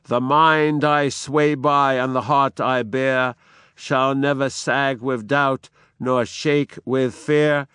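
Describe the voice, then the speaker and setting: A man voicing a defiant, doomed tyrant king, reciting his lines slowly in a raised declamatory voice. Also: medium pitch, fairly even intonation, a bit bright, clean tone, no echo, studio quality.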